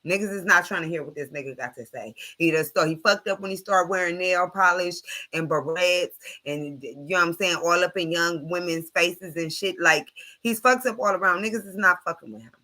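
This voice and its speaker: Streamer host, woman, bright forceful tone, blunt profane rant. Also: on the low side, fairly quick, poor audio. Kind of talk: late-night live stream commentary.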